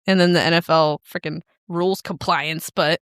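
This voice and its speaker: A woman co-hosts a casual podcast chat, easygoing and agreeable, in a deep, clear, resonant voice with a fairly bright tone. Her intonation stays fairly even at a moderate pace. The studio-quality recording has no room sound.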